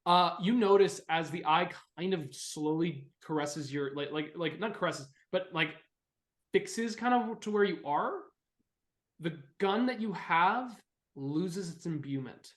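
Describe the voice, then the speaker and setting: A man narrating as dungeon master in a tabletop game, halting and correcting himself as he goes. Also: fairly high pitch, lively intonation, reverberant. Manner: halting, full of fillers and self-corrections.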